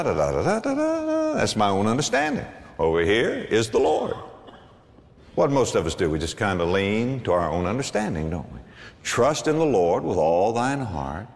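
A middle-aged male pastor preaching a sermon, swinging from low, quiet asides to loud, emphatic exclamations. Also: big-room sound.

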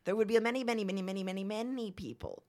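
A woman's voice: medium pitch, very fast, a little mellow. A woman co-hosting a podcast in casual chat, joking dryly. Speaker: podcast co-host.

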